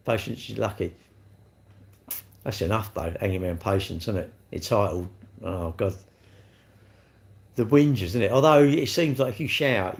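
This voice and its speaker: A man's voice: lowish voice, vocal fry. A man, hosting a casual livestream, rambling and joking at himself as he answers viewers' comments and laughs often. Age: 60s. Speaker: livestream host.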